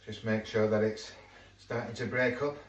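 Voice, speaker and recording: A man's voice: fairly low pitch, steady tone, normal speed. Rambling Yorkshire man cooking in a kitchen. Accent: Yorkshire English. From Yorkshire, England. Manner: rambling, jokey asides. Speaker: home cook vlogger. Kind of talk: casual cooking chatter. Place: home kitchen. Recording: echoey kitchen, mic far off, noisy.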